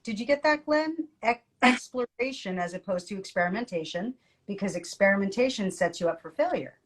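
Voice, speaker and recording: Woman podcast co-host, animated storyteller, quick to laugh. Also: medium pitch. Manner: lively storyteller, laughs often. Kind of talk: casual podcast chat.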